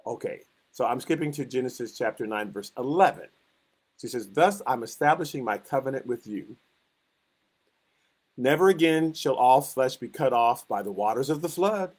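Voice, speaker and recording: A man's voice: medium pitch, expressive, moderate pace, slightly rough. A man teaching a Sunday school Bible lesson in a conversational way, acting out the quotes he tells with rising emphasis.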